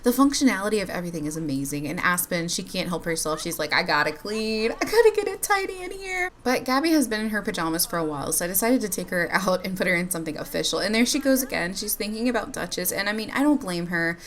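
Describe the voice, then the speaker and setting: A woman's voice: on the low side, expressive, fast, few pauses, a little hiss or hum. A woman giving chatty, bubbly commentary over a life-sim game, laughing often as she talks to her viewers. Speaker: life-sim gameplay YouTuber. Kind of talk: casual gameplay commentary.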